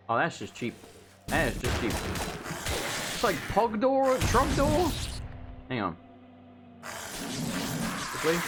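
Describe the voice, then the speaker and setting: A man giving casual, rambling commentary over his own gameplay, chatting and swearing as he plays, with faint game music behind him. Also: high-pitched. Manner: rambling and chatty, swearing, eating while talking. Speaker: let's play commentator.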